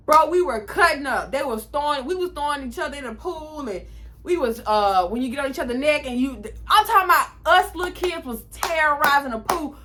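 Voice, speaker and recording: A woman in her twenties telling a storytime in a casual, animated, profane way, acting out what people said. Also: sits high. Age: 20s. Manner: animated, profane, acts out quotes. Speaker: vlogger.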